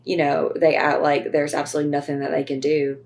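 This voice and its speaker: A woman co-hosting a casual podcast. Her voice is a bit low, and she talks in an earnest, encouraging way, repeating her points as she goes. She speaks close to a podcast microphone. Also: little pitch movement, fairly quick, vocal fry, darkish tone. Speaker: podcast co-host. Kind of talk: casual chat.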